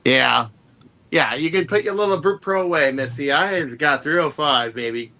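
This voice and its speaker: A man's voice: on the high side, normal speed, bright, forceful tone. A man on a casual panel chat, joking and teasing. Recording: noisy background.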